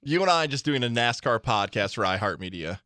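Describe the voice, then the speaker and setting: A man's voice: medium pitch, lively intonation, fairly quick, pushed and bright, no room sound, clean studio sound. A man co-hosting a sports radio show, bantering playfully. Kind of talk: casual sports talk.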